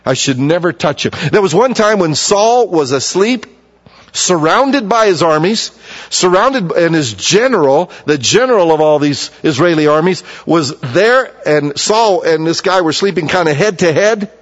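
A man delivers a sermon, moving between reading scripture and explaining it in plain, emphatic asides. His voice sits a little high for a man. The recording is dull and lo-fi, with a long reverb trailing off in a large hall. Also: animated, normal speed. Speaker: preacher.

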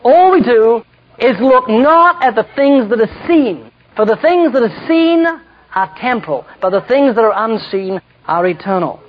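Husky man preaching a humorous sermon. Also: very high voice, sing-song, a little slow. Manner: storytelling, jokey asides, self-mocking. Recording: dull lo-fi recording.

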